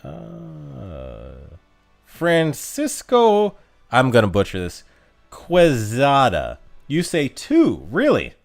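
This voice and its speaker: Man, livestream chat, reads out comments, rambling jokes, very lively intonation. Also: medium pitch, slow pace, soft background music. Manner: joking, rambling, laughs at his own jokes.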